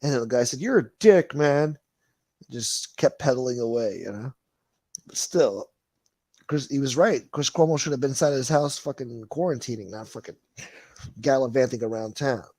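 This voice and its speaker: A man's voice: medium pitch, normal speed, a little mellow, dry recording. A man hosting a casual livestream, reading viewer comments and ranting in a profane, sarcastic way. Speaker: livestream host.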